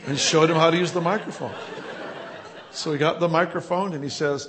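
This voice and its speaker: Gravelly-voiced man telling church testimonies. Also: on the high side, fairly quick. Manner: storytelling, chuckling, grows animated and loud. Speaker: church leader. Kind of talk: telling healing testimonies in an interview.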